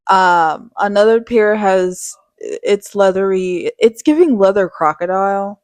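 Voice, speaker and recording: Young woman, fashion vlogger; slow, gushy, dramatic delivery, dry close sound. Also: medium pitch, darkish tone, dry recording. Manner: gushing, dramatic, slangy. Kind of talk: casual product showcase.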